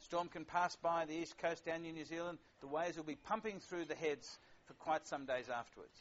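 Man preaching, slightly high voice. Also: normal speed. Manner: conversational, wry, with frequent fillers. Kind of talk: sermon. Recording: lo-fi dull sound.

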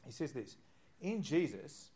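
A middle-aged man preaching a sermon as pastor, swinging between hushed quoting and loud, animated bursts. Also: a little high, unhurried, husky.

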